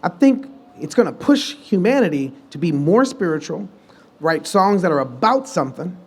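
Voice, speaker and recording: A guest musician and producer speaks in a live podcast conversation in front of an audience, his slightly higher voice a bit rough and his pace moderate. He tells stories animatedly and loosely, often restarting sentences and performing quoted dialogue with sudden bursts of energy.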